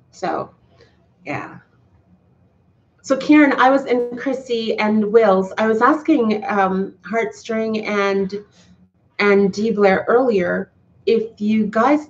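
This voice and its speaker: A woman's voice: mid-range voice, darkish tone. Heartfelt woman chatting live with viewers. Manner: heartfelt and earnest, with many restarts. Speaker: YouTuber talking to live chat. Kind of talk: casual live-stream chat. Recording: slightly dull, lo-fi sound.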